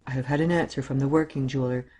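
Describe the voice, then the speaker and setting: A man reading the part of a confidential male manservant, making a brisk, businesslike report. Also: medium pitch, steady tone, a little mellow, close to an everyday voice.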